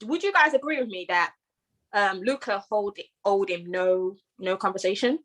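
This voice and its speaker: A woman's voice: mid-range voice, normal speed, fairly bright tone, low-quality recording. A British woman co-hosting a podcast, chatting casually and tagging "you know, sort of thing" onto her points. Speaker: podcast co-host. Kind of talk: casual chat.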